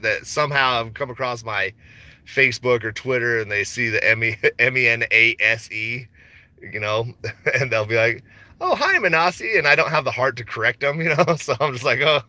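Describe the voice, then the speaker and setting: Laid-back man with a bright, forceful voice. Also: medium pitch, no room sound. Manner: rambling, laid-back, slangy, laughs often. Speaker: stock market livestream host. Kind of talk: casual livestream chat.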